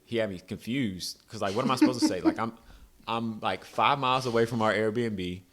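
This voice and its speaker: A man's voice: lowish voice, a little fast, fairly bright tone. A young American man co-hosting a podcast, chatting casually and telling stories with a laid-back manner. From United States. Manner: laid-back, storytelling, laughs often. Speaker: podcast co-host. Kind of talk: casual chat.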